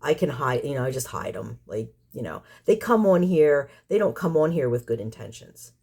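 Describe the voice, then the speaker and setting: A woman's voice: extremely low pitch, very animated, moderate pace, creaky, darkish tone, slightly rough. Casting note: woman vlogger, fed-up and sarcastic, rambles and repeats herself while venting at her viewers. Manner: exasperated, sarcastic, full of rhetorical questions. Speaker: community cat caretaker and channel host. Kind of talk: vlog rant to viewers.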